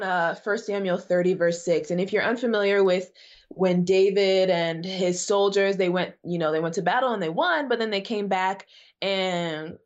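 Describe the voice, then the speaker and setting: In a podcast conversation, a female guest evangelist preaches with emphasis, driving points home by repeating phrases. She has a mid-range voice, and the sound is lo-fi.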